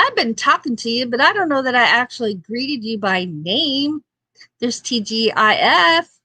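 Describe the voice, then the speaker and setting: A woman hosts a casual livestream chat show, reading viewer comments in a homey, chatty way and laughing often. Her voice is fairly high with a sharp tone and a breathy edge, captured in a dry recording.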